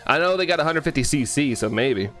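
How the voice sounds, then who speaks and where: A man casually chatting on a live stream, greeting viewers and answering chat, talking fast and sometimes tripping over his words. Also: a little high, expressive, fairly bright tone, faint music behind.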